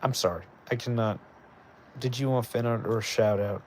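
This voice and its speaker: A man streaming live, chatting casually with his viewers and reading their messages aloud in animated bursts. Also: medium pitch, normal speed. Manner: animated, reads chat aloud, excitable bursts. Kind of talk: casual livestream chat.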